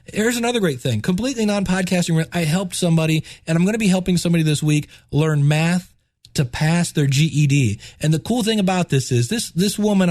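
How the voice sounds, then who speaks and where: Man, stuffed-up voice, fairly high, excitable, stumbles over repeated words, dry close sound. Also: no echo. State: stuffed up, congested. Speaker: podcast host and teacher. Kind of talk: casual solo podcast talk.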